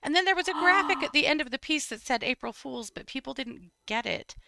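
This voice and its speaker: Female co-host, bright, dry sound, wry storyteller, casual chat. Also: sits high, expressive, brisk, gravelly, no room sound. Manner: storytelling, wry, frequent "mm-hmm". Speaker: podcast co-host. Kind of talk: casual true crime chat.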